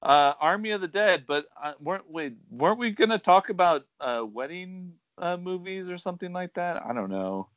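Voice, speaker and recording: Man, podcast co-host, joking, smooth resonant voice, dry dull audio. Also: sits high, animated, moderate pace, few pauses, a bit bright, no echo. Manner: joking, playfully insistent. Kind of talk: casual comedic chat.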